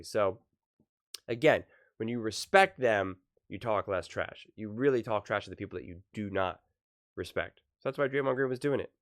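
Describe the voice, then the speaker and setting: Young man, sports commentary host, emphatic, animated, punchy, speaks straight to his viewers. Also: fairly low pitch, dry recording, clean studio sound. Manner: animated, emphatic, quoting players in punchy voices. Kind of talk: solo sports opinion commentary.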